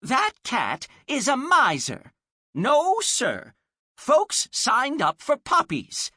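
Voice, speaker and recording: A man's voice: extremely high pitch, huge pitch swings, very slow, pushed and bright, no room sound, clean studio sound, pitched above the performer's own voice, heavily acted. A man voicing a pushy, folksy old lady customer with an insistent manner, in a storybook reading.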